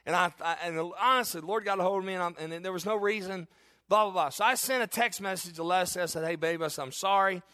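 A man's voice: high-pitched, fast talker, pushed and bright. A middle-aged male pastor preaching a sermon, telling a story and laughing at himself.

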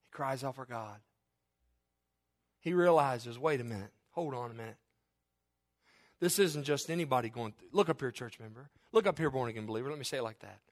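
A pastor preaching a fervent sermon, swinging between soft asides and loud, rising declarations, chuckling now and then. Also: male voice, medium pitch, a little fast, pauses often.

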